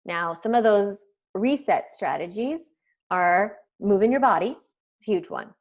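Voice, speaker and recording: A woman's voice: mid-range voice, lively intonation, measured pace. A woman parenting coach giving a live online training in a conversational, chatty way with asides to viewers.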